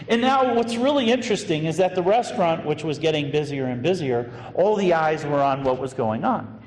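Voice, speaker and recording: A man's voice: fairly high pitch, animated, fairly quick, a little mellow. Male priest telling a story in an echoing hall. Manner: conversational, anecdotal, with fillers. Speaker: associate pastor. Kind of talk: sermon storytelling. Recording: echoey hall with long reverb and faint noise.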